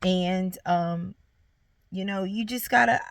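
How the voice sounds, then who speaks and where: A woman's voice: medium pitch, slow, creaky, dry recording. A young woman, giving an earnest, encouraging faith testimony straight to her viewers. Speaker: vlogger sharing her story. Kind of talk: heartfelt faith testimony to camera.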